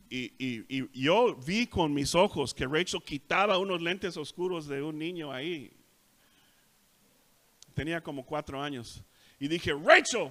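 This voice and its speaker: Bright-voiced pastor preaching. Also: male voice, sits high. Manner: animated storytelling, acts out voices. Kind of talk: bilingual sermon, self-translating. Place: church sanctuary.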